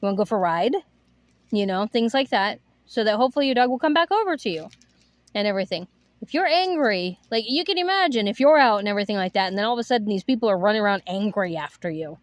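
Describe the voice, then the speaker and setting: A woman's voice: mid-range voice, expressive, quick pace, no room sound. A woman who runs an animal rescue, chatting casually and giving upbeat tips on training dogs. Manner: chatty, upbeat, full of fillers.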